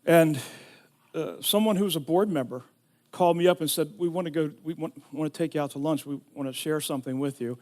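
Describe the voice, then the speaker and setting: Pastor preaching with rising intensity. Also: male voice, on the high side, a little fast. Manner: storytelling, rising to shouting in emotional retelling. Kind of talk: sermon.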